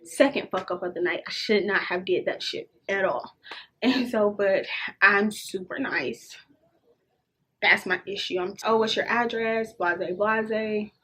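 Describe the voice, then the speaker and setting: A young adult woman vlogger telling a casual storytime, animated and swearing freely as she acts out the dialogue. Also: mid-range voice, a little slow, husky.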